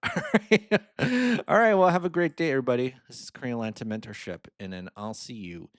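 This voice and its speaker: A man walks through a screen-share finance lesson in a loose, chatty way, slipping in playful asides and chuckles. His voice sits at an ordinary middle pitch. The sound is dry and close, with no room around it. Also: animated, a little fast, dry recording. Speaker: financial mentor.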